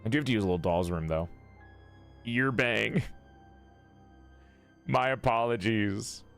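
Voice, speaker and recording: While playing a game on a live stream, a man chats casually, swearing freely, laughing a lot, and correcting himself as he goes, with faint game music in the background. His lowish voice is slow, creaky, and fairly bright.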